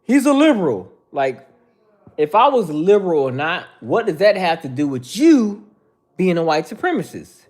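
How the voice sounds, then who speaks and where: A man's voice: high voice, sing-song, normal speed, darkish tone. A man hosting a casual livestream, answering viewer chat in a mocking, profane, confrontational way.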